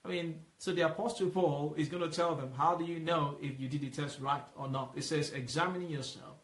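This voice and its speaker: A man's voice: on the high side, fairly even intonation. A man leading a Bible study, explaining patiently and asking questions for the listener to fill in. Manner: asks questions and lets the listener fill in the answer; explains patiently, repeating points slowly. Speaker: Bible teacher. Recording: roomy echo.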